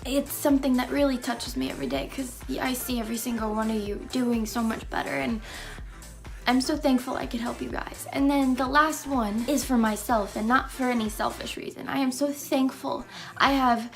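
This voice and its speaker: High-voiced earnest young woman vlogger. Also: steady tone, moderate pace. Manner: earnest and emotional, with playful asides. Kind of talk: casual motivational vlog talk. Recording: faint music behind.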